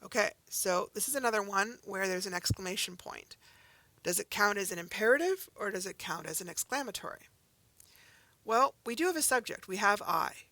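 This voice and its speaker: A woman's voice: medium pitch, lively intonation, moderate pace, sharp tone, dry recording. A woman teaching a recorded grammar lesson, patiently explaining step by step with example sentences and checking in with "okay?" and "right?".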